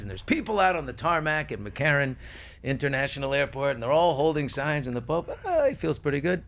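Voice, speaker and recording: A middle-aged man hosting a casual talk show, bantering and telling a joke with loud put-on voices. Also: mid-range voice. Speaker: host.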